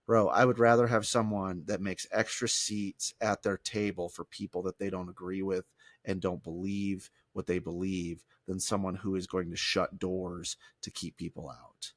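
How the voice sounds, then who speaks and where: A man, a former pastor, talking in a casual podcast conversation, animated and quick to restart his sentences. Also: low-pitched, no room sound, studio quality. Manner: animated, restarts often, mimics people in quotes.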